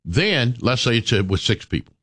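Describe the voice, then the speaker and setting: A man's voice: mid-range voice, sing-song, moderate pace, a bit bright, dry recording, clean studio sound. A man hosting a morning radio show, chatting in a rambling way with stammered repeats. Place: radio studio. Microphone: studio microphone.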